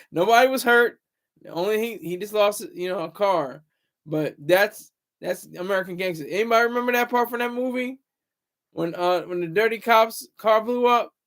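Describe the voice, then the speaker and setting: A man's voice: high voice, moderate pace, fairly bright tone. A man in his thirties hosting a casual livestream, rambling loosely and reading viewer comments aloud. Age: 30s. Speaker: livestream host.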